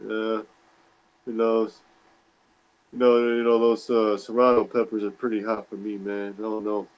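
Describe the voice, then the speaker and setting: A man's voice: lowish voice, level tone, normal speed, clean tone. A man chatting casually as a livestream guest, rambling and hesitant, with many fillers. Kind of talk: casual chat. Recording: dull lo-fi call audio.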